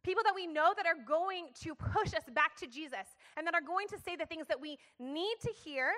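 Sharing her story with a church congregation, a young woman preaches emphatically and passionately, drawing responses from the crowd. Her voice is very high-pitched, bright and forceful, and she speaks fairly quickly.

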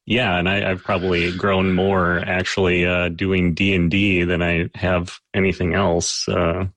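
A man running a tabletop game podcast as game master, talking casually and haltingly with many fillers and self-deprecating asides. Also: sits low, flat delivery, fairly bright tone, no room sound.

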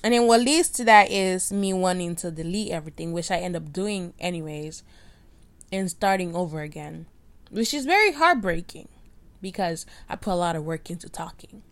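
A young woman whose first language is Spanish, hosting her own podcast and ranting in a rambling, self-mocking way, with loudness and pitch jumping often. She records on a cheap microphone. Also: expressive, normal speed. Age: late teens. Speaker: podcast host. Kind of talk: casual rant. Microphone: cheap home USB microphone.

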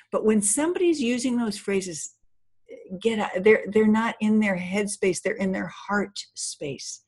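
A middle-aged woman giving a seminar talk on communication skills, telling personal stories in an animated way and acting out what people said. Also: mid-range voice, breathy edge. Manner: animated storyteller, acts out quotes.

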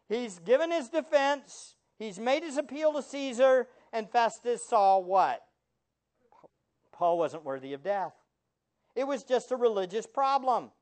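A man preaching from the pulpit with a lively voice that swings widely up and down. He keeps asking the congregation rhetorical questions and slips in sarcastic asides. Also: very high-pitched. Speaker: pastor. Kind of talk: sermon.

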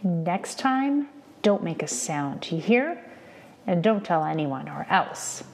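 A woman's voice: on the low side, very animated, slow, vocal fry, heavily acted. A woman voicing an angry schoolboy bully who spits out threats. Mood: threatening. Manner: spitting threats.

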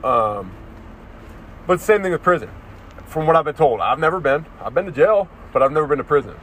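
Young man, crude ranting podcast host, fairly high voice, phone mic close up, faint street noise outside. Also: animated, a little fast, fairly bright tone. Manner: crude, swearing, says "dude" constantly. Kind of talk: ranting comedy podcast monologue. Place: outdoors in a town, near parked cars. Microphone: phone held close to the face.

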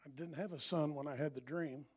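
A middle-aged man preaching a sermon, emphatic and repetitive, swinging from hushed lines to loud ones. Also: a little high, fairly even intonation, fairly quick, breathy edge. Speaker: pastor.

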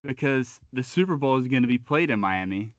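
A man's voice: medium pitch, lively intonation, brisk, no echo, lo-fi sound. A man co-hosting a sports podcast, riffing with trash talk and long comic analogies. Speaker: podcast co-host.

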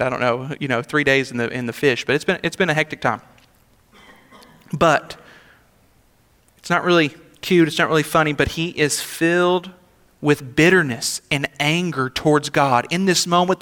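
A young adult man, a senior pastor, preaches a sermon in a church sanctuary in a conversational, emphatic style with rhetorical asides. His voice is a little high, pushed and bright, clear and resonant, with the long hall reverb of the sanctuary.

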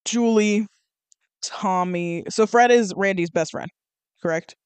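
A woman's voice: medium pitch, slow, a little mellow, clean tone, no room sound. A young woman in her twenties co-hosting a casual podcast, talking playfully and often stopping to correct herself. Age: 20s. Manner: hesitant, self-correcting, playful. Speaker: podcast co-host. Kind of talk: casual chat.

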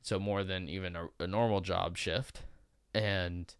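Young male podcast host, low smooth voice, loose rambling chat, dry sound. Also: steady tone, measured pace, no room sound. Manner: rambling, restarts, swears casually. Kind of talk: casual chat.

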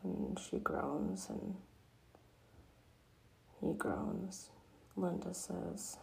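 Slow gravelly whispering woman, whispered role-play. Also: lowish voice, level tone, low-quality recording. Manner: soft whispered retelling. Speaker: storyteller.

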